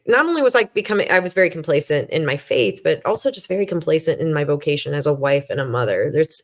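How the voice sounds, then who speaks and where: A woman in her thirties with a low, deep-set voice tells her story as a podcast guest. She talks candidly and self-deprecatingly, full of "um" and "like" and restarts, and voices her own past thoughts as little quotes. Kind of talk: conversational storytelling.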